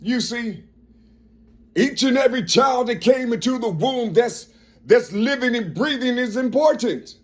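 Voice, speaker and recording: A man in his fifties with a strong, forceful tone, talking in a rambling personal monologue and repeating phrases as he searches for words. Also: very high voice, lively intonation, a little slow. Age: 50s.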